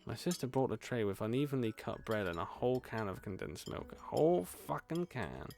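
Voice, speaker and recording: A man's voice: medium pitch, very animated, brisk, creaky, a little mellow, soft background music. A man, a gaming streamer, reading a horror visual novel aloud with casual, swearing asides.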